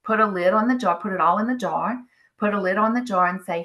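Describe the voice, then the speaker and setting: A middle-aged woman hosting a spiritual wellness talk, calmly guiding listeners and acting out their inner thoughts. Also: medium pitch. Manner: slow, soothing, acts out inner voices. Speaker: spiritual wellness channel host. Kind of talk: guided self-help talk.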